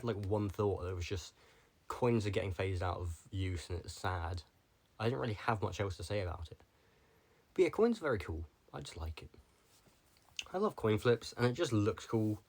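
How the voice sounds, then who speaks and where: A young man talking casually to the camera, rambling from one tangent to the next with lots of filler words. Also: lowish voice. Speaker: vlogger.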